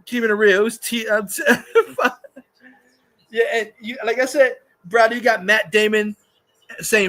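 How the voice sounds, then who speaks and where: Casting: high, bright male streamer, crude rambling rant, frequent laughs. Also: slow, long pauses. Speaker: streamer host. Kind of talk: casual livestream rant.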